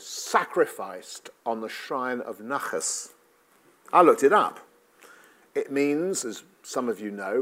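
A middle-aged English man with a light London lilt, telling wry personal stories and jokes to an audience. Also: medium pitch. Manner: wry, animated storytelling with joke delivery. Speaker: speaker giving a talk. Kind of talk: storytelling talk to an audience.

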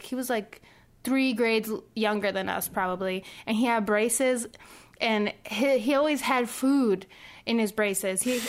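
Young woman, podcast co-host, casual chat, fairly high voice, giggly rambling stories.

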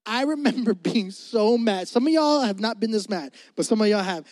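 A man's voice: high voice, expressive, moderate pace, darkish tone, dry recording. A young adult man preaching a casual sermon, chatty and full of fillers, often turning to the crowd with asides. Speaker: pastor.

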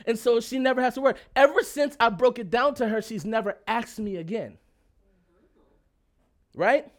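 A man telling a personal story in a lively, emphatic, casual way, often checking in with his listeners and laughing as he talks. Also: very high voice, normal speed. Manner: laughs while talking.

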